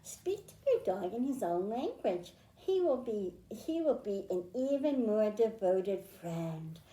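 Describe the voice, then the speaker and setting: A woman librarian leading a children's storytime, reading aloud and explaining in an animated, sing-song way. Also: medium pitch, unhurried. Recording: echoey room.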